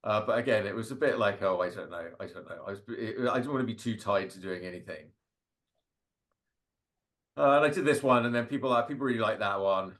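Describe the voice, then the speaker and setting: A man's voice: on the low side, fairly quick, fairly bright tone. A man, a cartoonist and guest speaker, talking casually and rambling about his drawings, full of fillers and little laughs. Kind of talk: casual talk over slides.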